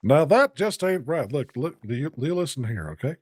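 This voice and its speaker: A man voicing a stern, folksy cartoon dad with a slow, scolding drawl. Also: medium pitch, very animated, husky, no room sound, studio quality.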